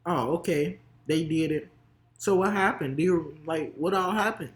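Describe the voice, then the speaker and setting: A man's voice: a little high, moderate pace. A young man with a Chicago accent giving heated, slang-heavy reaction commentary. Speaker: reaction video host.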